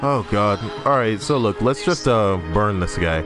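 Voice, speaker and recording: A man's voice: animated, a little slow. Rambling young man laughing at his own jokes. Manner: rambling, laughing at own jokes, swearing, jumps into silly high voices. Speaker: game streamer. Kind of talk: casual live-stream chat while gaming. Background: music.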